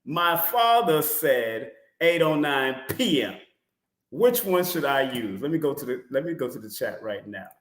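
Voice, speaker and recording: A man hosts a live-stream numerology Q and A at a middling pitch. He is chatty, laughs often and repeats his phrases as he talks to viewers. His voice carries a roomy echo. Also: expressive, unhurried. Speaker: numerology host.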